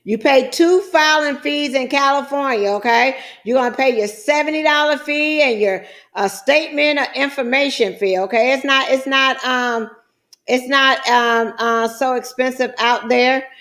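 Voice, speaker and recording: High-voiced chatty woman. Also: moderate pace, a bit bright. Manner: folksy, chatty, calls viewers guys and child. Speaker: trucking business coach. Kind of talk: screen-share tutorial.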